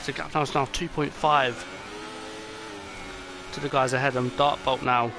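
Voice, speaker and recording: A tired young man calls an esports race, rambling through fillers and jumping up at each move. His voice sits at an ordinary middle pitch. Engine noise from the game runs clearly under his voice. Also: normal speed. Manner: excitable, rambling, many fillers. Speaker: race commentator. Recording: noisy, with game car sounds behind.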